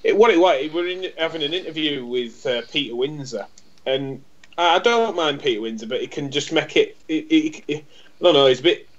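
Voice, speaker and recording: A man's voice: on the high side, expressive, fairly quick. A man, co-hosting a podcast in casual chat, rambling and repeating himself as he tells a story. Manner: rambling, stumbles and repeats words. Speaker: podcast co-host. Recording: dull lo-fi sound.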